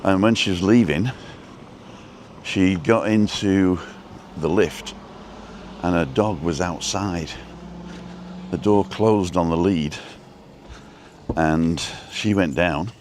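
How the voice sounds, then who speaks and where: A man live-streaming as he walks outdoors by the coast, chatty and rambling, a little out of breath from walking briskly. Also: deep voice, darkish tone, slight background noise. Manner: chatty, rambling, greets viewers by name. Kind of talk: casual walk-and-talk live stream.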